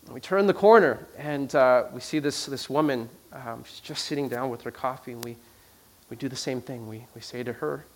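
A man telling a personal story in a sermon. He swings between loud emphasis and hushed, quiet passages, and he often repeats words and restarts his sentences. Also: mid-range voice, moderate pace.

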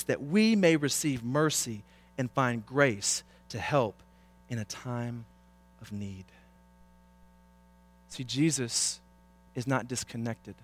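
A male pastor preaching a sermon, swinging from loud, impassioned urging to hushed pleading. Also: mid-range voice, no echo.

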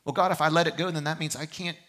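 A male pastor preaching a sermon with a bright, forceful voice. He pushes hard on his exhortations, then drops low and quiet to tell a story. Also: steady tone, fast. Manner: impassioned preaching that swings from loud exhortation to quiet reflection. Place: church service.

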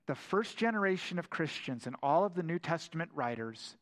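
A man preaching a sermon in a lively, storytelling manner, often stumbling over and repeating his words. His voice sits high for a man. It rings out with a long reverb, as in a big church sanctuary. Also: a little fast. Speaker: pastor.

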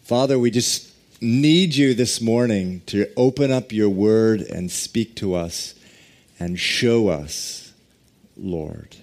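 Male pastor, sermon delivery, low mellow voice, unhurried. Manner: slow, deliberate preaching with drawn-out emphasis and quiet prayer.

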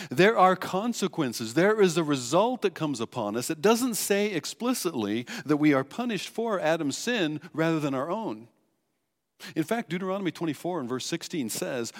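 A man preaching a sermon, earnest and emphatic, dropping to a hush on key points. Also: a little high, long reverb tail. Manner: earnest preaching, swings between emphatic and hushed. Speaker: pastor.

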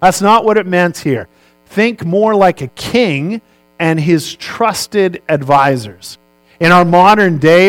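A man's voice: sits high, no room sound, poor audio. A male pastor giving a sermon in a conversational way, posing rhetorical questions and answering them himself.

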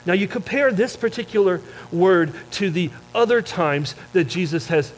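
A man's voice: lively intonation, normal speed, a little hiss or hum, poor audio. Conversational, storytelling male pastor. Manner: conversational storytelling, dropping to soft low tones for emphasis; self-described wordy talker. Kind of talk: sermon.

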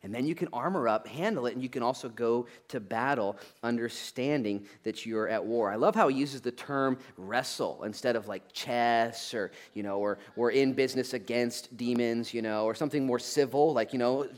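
A man preaching a conversational sermon in an animated, joking way, who drives his points home with a repeated "okay?" and breaks into loud acted-out asides. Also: mid-range voice, normal speed, few pauses. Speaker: pastor.

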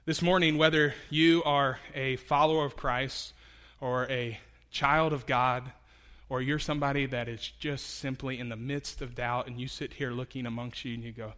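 Bright, animated male pastor preaching. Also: mid-range voice, normal speed. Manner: conversational preaching with fillers and lively emphasis. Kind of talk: sermon.

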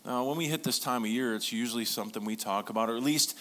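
Male pastor, mid-pitched, animated storyteller, asks the room for amens. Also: fast. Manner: lively storytelling with congregation call-and-response. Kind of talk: sermon.

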